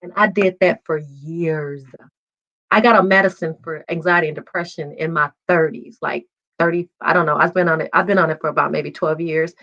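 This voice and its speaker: A woman's voice: low voice, fairly even intonation, brisk, pushed and bright. A woman in her forties telling her personal testimony as a podcast guest, candid and emotional, laughing at times. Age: 40s. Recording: dull lo-fi sound.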